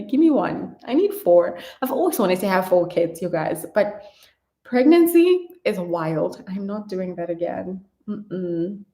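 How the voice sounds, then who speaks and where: A chatty woman vlogger answering viewer questions in a casual Q&A. Her voice sits a little low and sounds through an echoey room. She is animated, laughs easily and sometimes trails off. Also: unhurried. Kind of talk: casual Q&A vlog chat.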